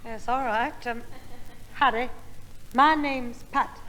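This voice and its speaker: A woman's voice: on the high side, fairly even intonation, slow pace, a bit bright. An actress playing a polite, slightly flustered mother in a vintage radio comedy. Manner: polite, hesitant. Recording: old broadcast with faint hiss.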